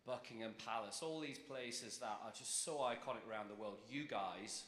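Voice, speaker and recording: Bright-voiced British man speaking in an echoing hall. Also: fairly low pitch. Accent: British English, London. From Britain. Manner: enthusiastic, chatty, building to cheers. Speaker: civic official giving a speech. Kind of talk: ceremonial speech to students. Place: large hall with audience. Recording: echoey hall with long reverb.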